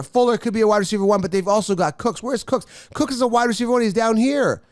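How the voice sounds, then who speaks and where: Giddy high-voiced man hyping a draft. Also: quick pace, hardly any pauses, no echo, studio quality. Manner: giddy, rambling, hyped sales pitch. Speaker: fantasy football podcast host. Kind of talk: excited solo commentary on a mock draft.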